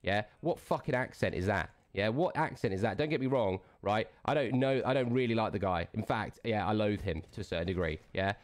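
Male streamer, lower register, combative and foul-mouthed, hammering his point home. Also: animated, brisk, hardly any pauses. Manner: aggressive, profane, repeatedly jabbing "yeah?". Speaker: game streamer. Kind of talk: angry livestream rant.

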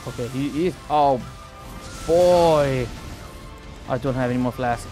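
A man's voice: mid-range voice, slow pace, pauses often, dark tone. Man, gameplay commentary, rambling, repeats words, exclamations, music in background. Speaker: gaming YouTuber.

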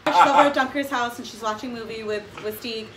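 A woman's voice: on the high side, fast. A woman hosting a casual podcast chat, recapping a plot in a dry, wry way. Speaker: podcast host. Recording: echoey room with background noise.

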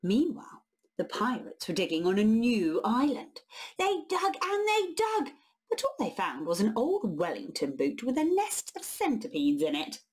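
A woman reads a children's picture book aloud in an expressive, unhurried way. Her voice is a little high and breathy, and it rises and falls a lot. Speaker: children's storyteller.

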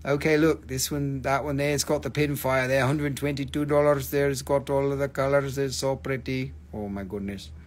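A man hosting a live rock sale on his phone, excitable, with broken non-native English phrasing. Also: mid-range voice, normal speed, hardly any pauses. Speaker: online rock and mineral seller. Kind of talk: live sales stream.

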